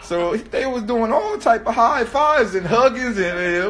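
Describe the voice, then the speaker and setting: Animated, lively-pitched man telling a story. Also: unhurried, slight background noise. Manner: animated, laughing, keeps asking "right?"; streetwise slang. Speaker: host. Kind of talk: casual storytelling monologue.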